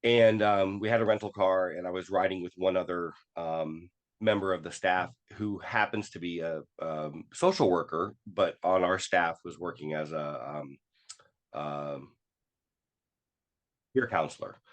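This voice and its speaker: Podcast guest, man, lowish voice, halting storyteller who acts out the quotes. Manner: halting, many fillers and restarts, acts out quoted dialogue. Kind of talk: personal storytelling in an interview.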